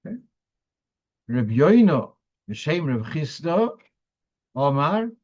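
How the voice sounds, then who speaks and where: Rabbi explaining a halachic question. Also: male voice, a little high, expressive, a little slow, highs cut off. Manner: explanatory, thinking aloud with frequent restarts. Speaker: rabbi teaching a weekly class. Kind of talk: halachic lecture.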